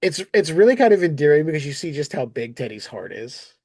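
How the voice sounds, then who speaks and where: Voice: medium pitch, sing-song, a little fast, darkish tone, dry recording, clean studio sound. A podcast host chatting casually, laughing often and acting out characters' lines. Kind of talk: casual chat. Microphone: recorded on camera setup, remote call.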